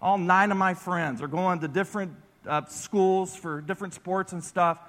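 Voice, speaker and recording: A man preaching a sermon through animated personal stories. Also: high voice, normal speed. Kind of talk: storytelling sermon. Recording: echoey large hall.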